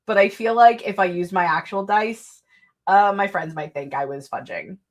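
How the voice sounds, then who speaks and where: A woman's voice: mid-range voice, moderate pace. A woman streaming from her home desk, chatting casually in a rambling, self-deprecating way. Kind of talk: casual livestream chat.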